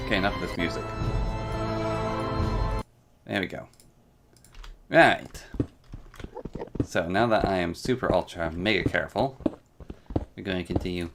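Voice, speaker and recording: A man talks through his gameplay stream in a playful, rambling way. His voice sits low with a gravelly fry. Game music plays clearly behind him. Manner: playful, chatty, rambling asides. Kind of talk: casual gameplay commentary. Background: background music and keyboard typing.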